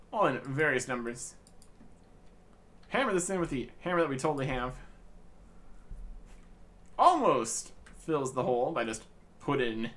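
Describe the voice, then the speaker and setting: Lively, bright-voiced man playing a game. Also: medium pitch. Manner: dry, joking, narrating game actions. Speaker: gaming channel host. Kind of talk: let's-play commentary.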